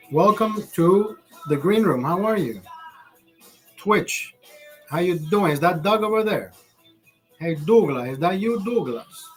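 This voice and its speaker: Male streamer, high voice, swears constantly, rambling live rant over faint music. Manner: profane, rambling, laughing asides. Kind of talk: livestream rant.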